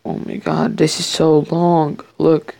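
Man gamer, casual play commentary, gravelly and unhurried, jokey bragging and frequent swearing, dry close sound. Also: fairly high pitch, dry recording. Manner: excitable, swears, jokingly boasts. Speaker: gamer playing a survival match. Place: his bedroom.

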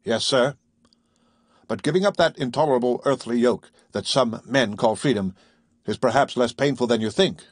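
A secretive submarine captain speaks with cold, measured authority, as a man reads him in an audiobook. The voice is slightly husky and sits at an ordinary male pitch. The sound is dry and close. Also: no echo, close to an everyday voice. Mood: stern. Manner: measured, commanding, coldly formal. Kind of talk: audiobook character reading.

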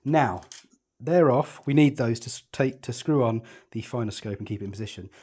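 This telescope tutorial presenter has a husky, darkish mid-range voice and keeps a moderate pace. He narrates the setup step by step while working on it, chatty and reassuring, thinking out loud much of the time.

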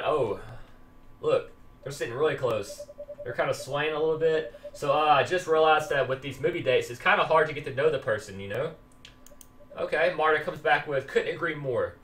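A man's voice: fairly high pitch, a little fast, fairly bright tone, far from the mic. A man giving joking, rambling let's play commentary, reading the game's lines aloud. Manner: rambling, joking, reads game text aloud. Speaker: gaming YouTuber. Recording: roomy echo, voice off-mic.

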